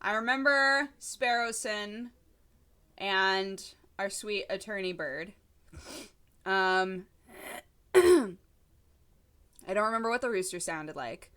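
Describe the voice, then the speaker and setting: A woman's voice: medium pitch, expressive, takes it slowly, long pauses, a bit bright. A woman streaming a game, chatting casually with her viewers in a self-deprecating way and laughing often. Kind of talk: casual live-stream chat while playing.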